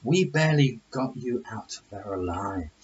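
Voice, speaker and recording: A man's voice: on the low side, expressive, moderate pace, dull audio, slight background noise, lightly acted. A man voicing a stern female officer, a goddess-cat, who scolds like a teacher or a mother. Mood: reproachful.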